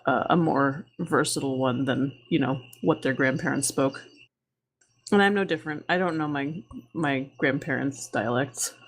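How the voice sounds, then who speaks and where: A woman's voice: very deep voice, normal speed, husky. A woman chatting casually on a podcast, loose and full of fillers. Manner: chatty, many fillers and restarts. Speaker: podcast co-host. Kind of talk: casual chat.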